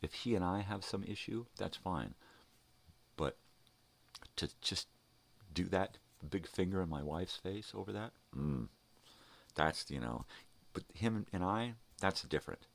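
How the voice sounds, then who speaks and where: An older man vents in a loose, profane monologue. His voice sits extremely low and is rough with gravelly fry. It has a husky, grainy edge. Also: expressive, unhurried, long pauses. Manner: profane, heated storytelling. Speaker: vlog host. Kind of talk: casual ranting monologue. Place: home.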